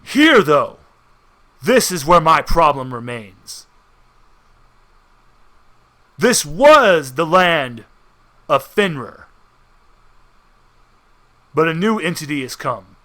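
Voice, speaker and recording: A man's voice: a little high, sing-song, pushed and bright, exaggerated voice. A man doing a scheming three-faced god. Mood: explaining. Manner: measured, bargaining. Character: calm scheming four-armed three-faced male god.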